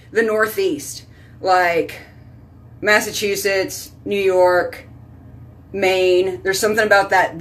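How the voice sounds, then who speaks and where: A woman with a lilt hosts a casual live stream, reading viewers' names aloud and wandering between topics. Her voice sits in an ordinary middle pitch, and her talk is loose and rambling. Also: a bit bright, recorded from a distance. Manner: chatty, rambling, addresses viewers by name. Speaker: host reading live chat.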